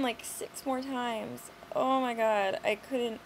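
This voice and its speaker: A woman's voice: a little high, a little slow, a little hiss or hum, rough recording. A young woman vlogging in a blunt, exasperated, sweary ranting monologue.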